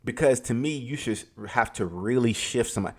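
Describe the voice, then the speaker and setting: A man's voice: mid-range voice, expressive, brisk. A man giving an emphatic, profane, opinionated rant about a video game, repeating his points for emphasis. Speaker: gaming commentator.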